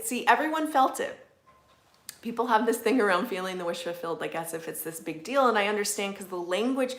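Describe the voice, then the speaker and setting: A woman hosting a casual livestream, chatting and answering viewer comments in a relaxed way with frequent "like"s and soft laughs. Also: medium pitch, roomy sound. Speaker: livestream host, manifestation coach. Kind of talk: casual live-stream chat reading viewer comments. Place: indoors at home.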